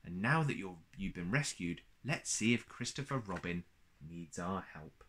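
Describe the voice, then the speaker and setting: A man's voice: low-pitched, animated, measured pace, a bit bright, full character voice. Cast: little nervous storybook piglet, a man doing the voice, raised and jumpy. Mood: timid. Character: small timid male piglet.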